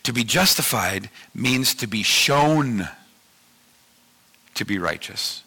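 Gravelly, bright-voiced pastor in his fifties. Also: mid-range voice, expressive, slow pace. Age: 50s. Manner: conversational, repeats himself, checks in with the audience. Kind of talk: sermon.

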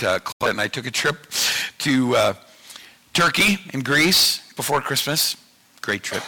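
Pastor, male, 50s; gravelly edge, very bright tone, chatty sermon delivery. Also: fairly low pitch. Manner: conversational, repeats himself, checks in with the audience.

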